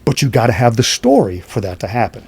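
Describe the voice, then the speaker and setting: A man who is a podcast guest, telling stories in a lively way and acting out what people said. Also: mid-range voice, fast talker, creaky, slightly rough. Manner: lively, acts out quoted speech. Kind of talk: animated storytelling.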